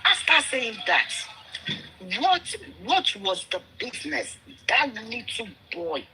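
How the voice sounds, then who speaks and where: A woman's voice: on the high side, very animated, slow pace, sharp tone, slight background noise, poor audio. A woman with a Nigerian accent speaking on a remote call, giving impassioned commentary and mixing English, Pidgin and Yoruba. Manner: switches between English, Pidgin and Yoruba, emphatic and indignant. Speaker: speaker in a live audio discussion.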